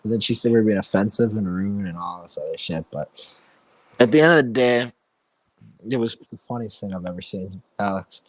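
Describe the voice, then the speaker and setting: A man's voice: fairly low pitch, brisk, dry recording. A young man co-hosting a casual podcast, telling a story with lots of energy and swearing freely. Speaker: co-host.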